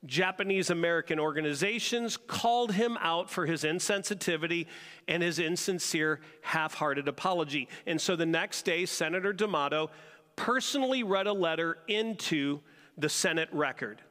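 A man delivering a sermon in a church sanctuary, his voice a touch high and ringing bright. He keeps turning to the congregation with rhetorical questions, and a long hall reverb trails every phrase. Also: moderate pace. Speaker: pastor.

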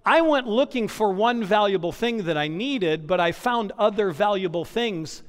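High-voiced pastor preaching in a reverberant hall. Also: male voice, lively intonation, moderate pace. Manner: preaching with repetition and storytelling. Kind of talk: sermon.

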